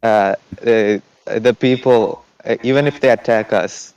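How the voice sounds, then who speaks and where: A man calls in to a live stream and stumbles over his words. His speech comes out halting and uncertain. His voice is smooth and clear. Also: on the low side, darkish tone, lo-fi sound. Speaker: caller. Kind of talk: casual call-in question.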